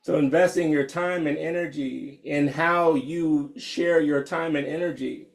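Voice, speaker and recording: A man's voice: fairly high pitch, fairly even intonation, measured pace, vocal fry. A man, a meditation teacher talking casually and candidly and laughing often as he reads out attendees' comments over a video call. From United States. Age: 50s.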